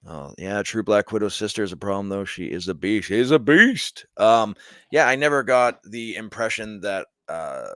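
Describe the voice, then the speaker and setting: A young man co-hosting a podcast, talking comics in a lively, animated way. His voice is dry and close, with no room around it. He laughs easily and keeps the back-and-forth going. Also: on the low side, moderate pace, dry recording. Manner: animated, laughs often, quotes characters in put-on voices. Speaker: podcast co-host. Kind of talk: casual pop-culture debate.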